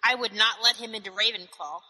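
A woman co-hosting a podcast who chats casually, jokes and poses rhetorical questions. Her voice is very bright and sharp, and somewhat high. A long reverb hangs on her words. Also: fast, husky. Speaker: podcast co-host. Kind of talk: casual chat.

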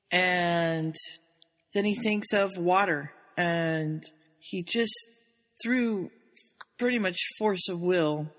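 A woman co-hosting a podcast who retells a story casually and with animation. Her voice sits at a middle pitch. A long reverb trails after her words. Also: fairly bright tone. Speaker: podcast co-host.

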